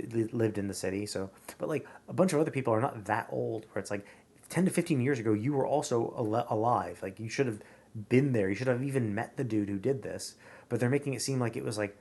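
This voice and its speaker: A man's voice: medium pitch, a little mellow. A man streaming a game live, rambling in casual commentary with many fillers, restarts and casual swearing.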